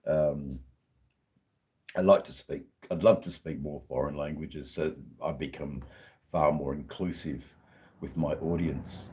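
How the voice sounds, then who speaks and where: A man's voice: very deep voice, expressive, unhurried, darkish tone, slightly rough. An Australian man hosting a casual livestream from his shed, rambling and greeting viewers in the chat one by one. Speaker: livestream host.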